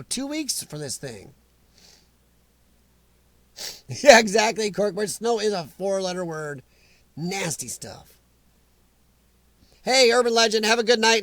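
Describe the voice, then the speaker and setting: A man's voice: high voice, fairly bright tone, no echo. A middle-aged man, hosting a casual live chat, teasing and joking with commenters. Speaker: livestream host reading chat.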